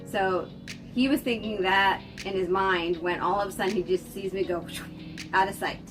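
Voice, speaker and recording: An American woman casually telling the story of her marriage in a lively, laughing way. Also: mid-range voice, moderate pace. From United States. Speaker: interviewee, wife. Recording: distant mic with music underneath.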